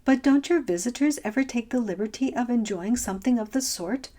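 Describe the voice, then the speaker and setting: A woman voicing a breezy, slangy modern young woman who talks in a quick, offhand way. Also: a little high, dark tone, lightly acted.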